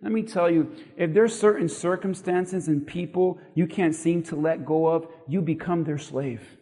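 A pastor giving an animated, emphatic sermon, building intensity through repetition. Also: male voice, high voice, unhurried, hardly any pauses, big-room sound.

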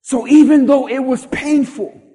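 A man with a strikingly high voice preaches a sermon, calling out questions to the congregation and pressing his points with growing force. His words ring out with a long reverb, as if he stands in a large church hall. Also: fairly even intonation, unhurried, mellow. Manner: preaching with rising intensity, rhetorical questions to the congregation. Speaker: pastor.

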